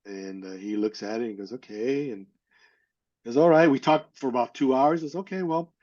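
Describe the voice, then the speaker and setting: A man's voice: medium pitch, brisk, a little mellow, lo-fi sound. A man from California telling a personal story as an interview guest, acting out the people he quotes. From California, USA.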